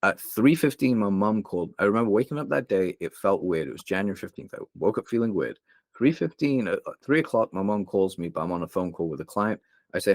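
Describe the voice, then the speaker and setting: A man's voice: deep voice, animated, fast talker, no room sound, clean studio sound. A young man from England, a podcast guest, telling a painful personal story openly and emotionally, rambling with many fillers. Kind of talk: candid interview storytelling.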